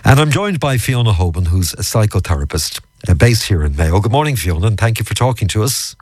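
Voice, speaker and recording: A man's voice: lowish voice, brisk, husky, no echo. An Irish man presenting a morning radio show, interviewing a guest in a friendly, teasing way. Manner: friendly, teasing, lively intonation.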